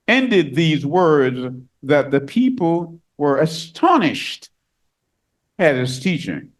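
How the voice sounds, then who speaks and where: Reading from scripture and unpacking its meaning, a male preacher drives points home by repeating key phrases, his voice climbing in pitch and volume for emphasis.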